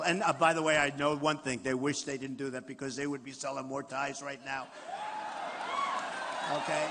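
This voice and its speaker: An older man with a New York accent giving a rambling, boastful campaign speech to a large crowd in a hall. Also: on the high side. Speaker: political candidate at a rally. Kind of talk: rally speech. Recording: roomy hall reverb, faint crowd noise.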